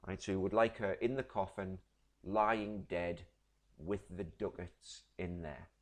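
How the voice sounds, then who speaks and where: A deep-voiced man teaches a recorded literature lesson. He explains patiently, step by step, and keeps checking in with his class. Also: fairly even intonation, a little slow. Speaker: English teacher.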